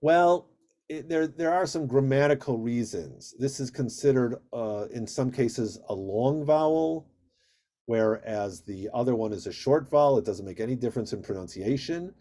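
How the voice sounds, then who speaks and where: A rabbi teaching a Hebrew reading class on a video call, patient and steady, drawing out vowel sounds in drills. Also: male voice, mid-range voice, normal speed.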